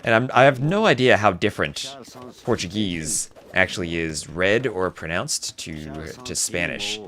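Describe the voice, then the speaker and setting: A man casting a live strategy game, mixing chatty storytelling asides with excited play-by-play calls. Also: low voice, unhurried. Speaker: esports caster. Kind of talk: live game commentary with casual chat.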